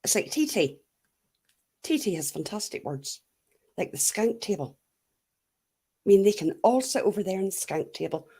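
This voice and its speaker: A woman's voice: medium pitch, expressive, moderate pace, long pauses, mellow, husky. A middle-aged Irish woman chatting casually as she answers live comments, blunt and laughing often. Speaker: YouTube livestream host.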